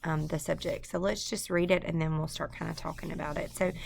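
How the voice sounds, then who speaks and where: A woman giving an unscripted recorded lesson on a poem, pausing often with ums and restarts. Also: low voice, fairly even intonation, gravelly, a little hiss or hum. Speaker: teacher. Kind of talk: screencast poetry lesson.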